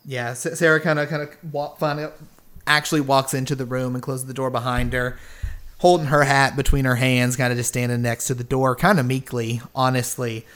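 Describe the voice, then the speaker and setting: A man's voice: mid-range voice, flat delivery, a little fast, fairly bright tone. A man running a tabletop game, narrating loosely with lots of fillers. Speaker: game master.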